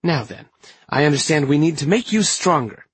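A man voicing a kind, weary older woman who leads a witches' coven, gentle but firm. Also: a little high, expressive, moderate pace, husky, no room sound, voice pushed up. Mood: calm, firm.

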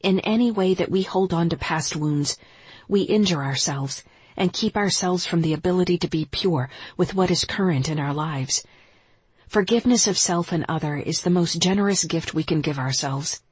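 A woman who teaches yoga, reading her spiritual nonfiction aloud in a calm, measured, reflective way. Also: fairly low pitch, husky, no room sound.

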